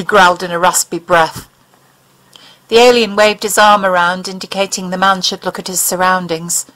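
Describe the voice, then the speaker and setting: A woman's voice: lowish voice, steady tone, moderate pace, a bit bright, low-quality recording. Woman reading a dramatic audiobook. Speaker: audiobook narrator. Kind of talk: audiobook narration.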